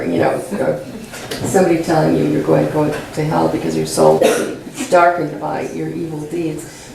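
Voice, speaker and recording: A woman poet answers audience questions in a college room, slowly searching for the right words. Her voice is low, dark and gravelly, a bit hoarse as she loses it. It echoes off the room from a mic some distance away. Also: a little hiss or hum. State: losing her voice. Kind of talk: conversational Q&A after a reading.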